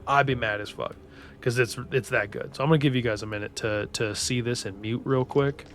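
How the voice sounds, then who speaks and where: A man giving a casual, rambling recap of a fantasy book series, swearing a lot and restarting sentences as he gets excited. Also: medium pitch, brisk, slight background noise. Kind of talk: casual spoiler-heavy story recap.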